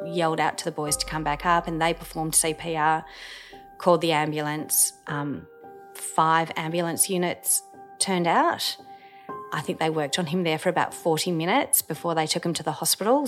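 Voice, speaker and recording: A woman with a low-pitched voice tells a personal story in the first person. She speaks hesitantly, with frequent pauses, ums and restarts. Faint music plays quietly behind her. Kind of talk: emotional first-person recollection.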